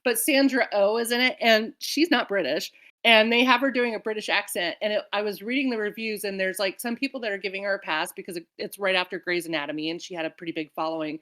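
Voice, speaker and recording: A woman's voice: medium pitch, fairly even intonation, fast, a bit bright. An American woman co-hosting a book club, talking in a rambling, chatty way that jumps between tangents. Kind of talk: casual chat.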